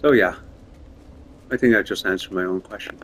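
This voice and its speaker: A man with a fairly low voice talks his way through a game. His tone is dry and wry, and he often mutters to himself. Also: moderate pace, fairly bright tone, slight background noise. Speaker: gameplay video creator. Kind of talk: casual gameplay commentary.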